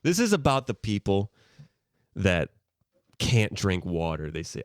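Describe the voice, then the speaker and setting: A man riffing on a casual podcast, his pitch leaping around as he gets worked up. He rants with real comic exasperation and laughs often. The sound is dry and close. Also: a little slow, no echo. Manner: ranting, animated, laughs often. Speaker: podcast co-host. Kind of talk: casual banter.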